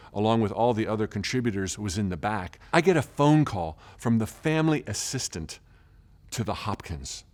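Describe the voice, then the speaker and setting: A man telling stories in a self-help course, animated and enthusiastic. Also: mid-range voice. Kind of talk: storytelling course talk.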